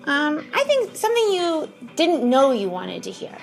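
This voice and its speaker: Brief: thirties comedienne, high voice, Pennsylvania twang, dry deadpan quips, light music behind. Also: female voice, a little slow, creaky, low-quality recording. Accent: central Pennsylvania twang. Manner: dry, deadpan one-liners. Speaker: comedian being interviewed. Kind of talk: quick-fire interview answers.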